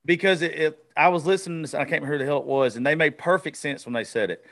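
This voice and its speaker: A man's voice: on the high side, rapid-fire, a bit bright. A male podcast host in casual, profane chat, often stumbling and restarting his sentences.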